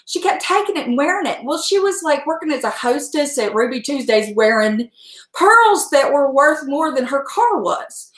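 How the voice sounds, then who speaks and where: A middle-aged woman hosts a cooking livestream from her home kitchen, chatting casually with a salty edge and laughing often. Her voice sits high and sing-song, at a normal speed with a fairly bright tone, and the room is echoey.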